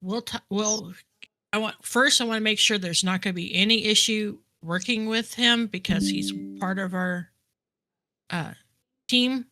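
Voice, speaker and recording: A woman's voice: mid-range voice, unhurried, bright, forceful tone, faint music behind. A woman speaking directly and persuasively in character during a tabletop game. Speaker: player. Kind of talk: in-character tabletop role-play.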